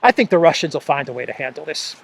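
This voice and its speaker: Man, New York accent, casual outdoor commentary, mocking, laughs a lot, slightly raised pitch. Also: fast talker, creaky. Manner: animated, scoffing, laughs often. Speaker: political commentary host. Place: outdoors near the sea.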